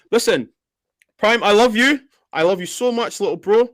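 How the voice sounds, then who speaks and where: Casting: high-pitched man, furious and sweary, dry close sound. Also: normal speed, fairly bright tone, no echo. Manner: heated, sweary, emphatic. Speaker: panel member. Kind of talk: angry live-stream call-out.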